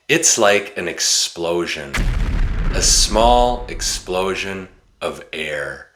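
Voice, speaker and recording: Male teacher from Wisconsin, deliberate over-enunciation, bright and forceful tone. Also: sits low, animated. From Wisconsin, USA. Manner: slow, deliberate, exaggerated enunciation. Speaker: English teacher. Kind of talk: pronunciation lesson.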